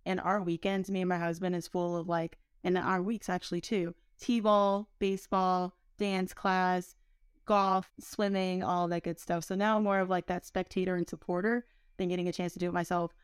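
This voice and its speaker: A woman's voice: lowish voice, flat delivery, normal speed, smooth, no echo, clean studio sound. A woman in her thirties, a healthcare executive, chatting as an interview guest in a friendly, conversational way. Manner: friendly, conversational, uses "like" often. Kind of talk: casual interview chat.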